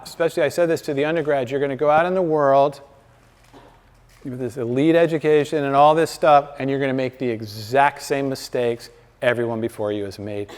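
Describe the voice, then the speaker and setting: Male speaker, mid-pitched, conversational faith talk with acted-out quotes; long hall reverb. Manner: conversational storyteller, acts out quoted dialogue. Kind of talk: faith-based talk to a live audience.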